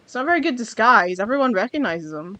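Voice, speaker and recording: A woman's voice: a little high, sing-song, quick pace, pushed and bright. A woman giving casual let's-play commentary, chatty and wry, musing aloud as she plays. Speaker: gamer playing through a game.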